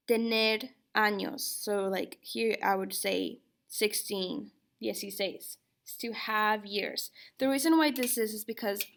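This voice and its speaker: Patient female teacher, unhurried lecture delivery, a bit of fry in the voice. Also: mid-range voice, a bit bright. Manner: slow and patient, checks in with "okay?". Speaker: Spanish teacher. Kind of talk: recorded classroom lecture.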